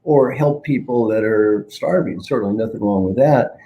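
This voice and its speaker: A man's voice: medium pitch, moderate pace, mellow, rough recording. An older man, a guest coach, talking reflectively in an interview and repeating key phrases for emphasis. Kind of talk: reflective interview talk with storytelling.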